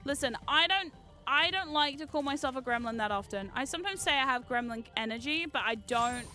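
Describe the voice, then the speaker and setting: A woman streaming a game, chatting excitedly with her viewers, swearing freely and shouting at the game. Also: high voice, a little fast, soft background music. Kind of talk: live-stream gameplay chat.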